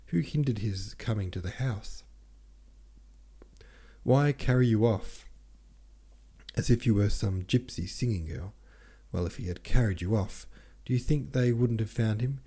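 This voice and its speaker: A man voicing a stern, scolding older woman with a rough voice in an audiobook. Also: lowish voice, a little slow, mellow.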